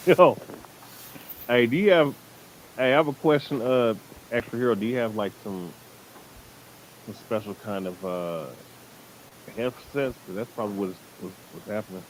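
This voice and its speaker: A man on a livestream as a guest, talking bluntly and excitably, with swearing. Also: medium pitch, normal speed, long pauses, a little hiss or hum, poor audio. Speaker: stream guest. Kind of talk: casual livestream chat.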